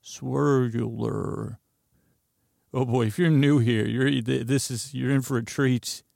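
The sleep podcast host, a man, drifts along in a rambling monologue full of fillers, asides and corrections of himself. He speaks from a closet into a close studio mic, giving clean sound with no echo; his voice is creaky, gravelly, slightly mellow, mid-range and steady at a moderate pace.

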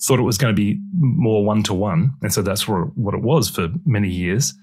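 A man from Australia, an author and broadcaster, talking about his life in a relaxed interview with self-deprecating humor. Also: fairly low pitch, normal speed, breathy edge.

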